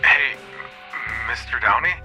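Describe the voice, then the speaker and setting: A man's voice: mid-range voice, a little fast, over loud music, pitched above the performer's own voice, natural voice. A man doing a shaky, nervous shop clerk. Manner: shaky, hesitant, stammering. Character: nervous male shop clerk calling his boss. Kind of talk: first-person horror story narration.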